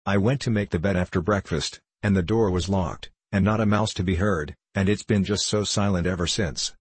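A man's voice: low voice, moderate pace, slightly rough, no room sound. A man voicing a flustered young chambermaid in an audiobook, chattering fretfully. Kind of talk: audiobook character voice.

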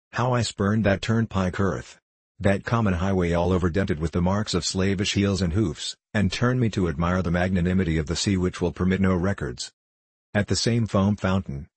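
A man reading a classic novel aloud in the first person, measured and deliberate. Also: sits low, slightly rough, no room sound. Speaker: audiobook narrator.

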